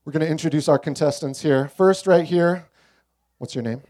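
A man's voice: fairly high pitch, normal speed. A middle-aged man preaching a casual, joking sermon to a church congregation with children. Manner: relaxed, joking storyteller. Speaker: pastor. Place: church service.

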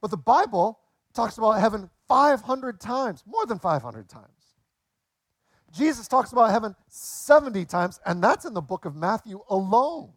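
A man in his late forties preaching a sermon in a relaxed, conversational way, telling jokes along the way. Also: high-pitched, moderate pace, no room sound, clean studio sound. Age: 40s. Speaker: pastor.

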